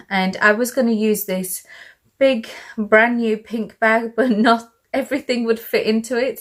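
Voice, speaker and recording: A woman's voice: medium pitch, fairly bright tone. A British woman chatting through a casual show-and-tell vlog, a little out of breath, rambling with fillers and asides. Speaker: vlogger.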